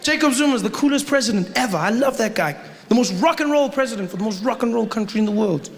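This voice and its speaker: A young man with a South African accent performing a stand-up comedy routine, telling stories and acting out bits with animated voices. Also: very high voice, fast talker, gravelly. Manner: animated storytelling with acted-out voices. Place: live comedy venue with audience.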